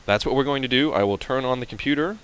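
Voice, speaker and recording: A man giving casual, rambling let's-play commentary, mocking himself and now and then yelping with excitement. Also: medium pitch, fast, clear, resonant tone, rough recording. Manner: self-mocking, rambling, bursts into excited yelps.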